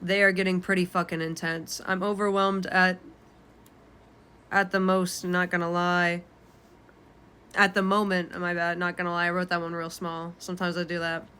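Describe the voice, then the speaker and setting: A woman's voice: lowish voice, little pitch movement, moderate pace, sharp tone, clear, resonant tone. A woman in her twenties reading her own journal aloud, candid and unfiltered, swearing casually. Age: 20s. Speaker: vlogger.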